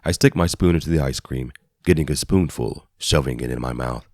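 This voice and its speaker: A man narrating an audiobook in the first person, in an even, measured storytelling manner. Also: extremely low pitch, no room sound. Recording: dry studio voice-over.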